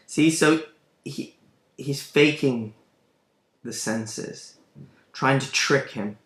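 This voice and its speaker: A male literature lecturer who talks slowly and thoughtfully, pausing to search for words and circling back on himself. His voice sits at an ordinary pitch and carries a noticeable roomy echo. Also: fairly bright tone. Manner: thoughtful, searching, with fillers and restarts. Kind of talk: recorded lecture.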